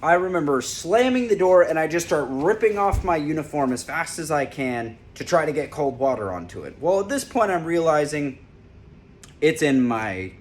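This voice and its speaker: A man's voice: fairly high pitch, lively intonation, moderate pace, a little hiss or hum. A former corrections officer, a man, casually telling a lighthearted story and laughing as he recalls it. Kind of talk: casual personal storytelling to camera.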